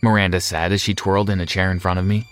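A man narrating a scripted story in a steady, measured reading voice. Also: low-pitched. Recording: music behind.

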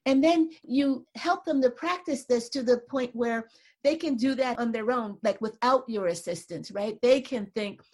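Mujer pensativa explicando con calma. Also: female voice, sits high. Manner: thoughtful, explanatory, says "you know" and "right" often. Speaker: guest, psychologist and author. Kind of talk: conversational interview.

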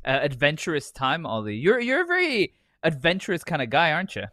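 A man's voice: on the high side, huge pitch swings, fairly quick, bright, forceful tone, no echo. A man co-hosting a podcast in casual chat, joking and swearing a lot. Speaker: podcast co-host. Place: hot desert city.

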